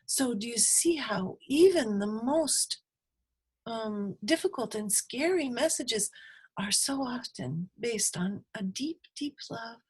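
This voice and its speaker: A woman guest on a podcast, speaking softly and reflectively, often slipping into a breathy whisper as she retells a session. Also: a little high, animated, slow pace. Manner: soft, reflective, retells sessions with quoted dialogue. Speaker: guest healer. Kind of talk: podcast interview, storytelling.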